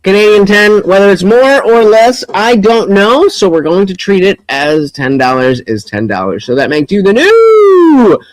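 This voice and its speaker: A man hosting a livestream, reacting to a debate with mocking, profane commentary that swings from low muttering to loud outbursts. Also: big pitch swings, a little slow, few pauses, no echo.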